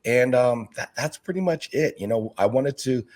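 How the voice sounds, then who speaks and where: A middle-aged man, a fish-keeping video maker and basketball coach, chatting as a guest in an interview, energetic and talkative, acting out what people say to him. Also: mid-range voice, moderate pace. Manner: energetic, talkative, acts out quoted exchanges. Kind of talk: casual interview chat.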